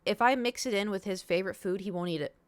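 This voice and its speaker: Talking fast in a clear, resonant, medium-pitched voice, a young streamer rambles through a long anecdote in casual chat. She performs the quoted lines and swears from time to time, with no room sound.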